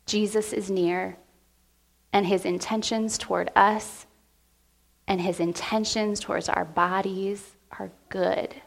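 Woman pastor, sermon delivery, unhurried and gravelly, heartfelt and moved. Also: mid-range voice, fairly even intonation. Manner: emotional, heartfelt preaching with pauses. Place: church sanctuary.

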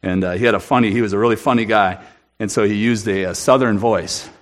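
A man's voice: fairly low pitch, steady tone, fast. A man giving an earnest, emphatic sermon testimony in a church room, often restarting his sentences. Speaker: guest speaker at a church.

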